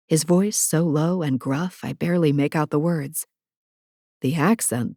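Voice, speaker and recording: A woman narrating a first-person romance audiobook in a measured, wry storytelling manner. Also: low voice, a little mellow, dry recording, studio quality.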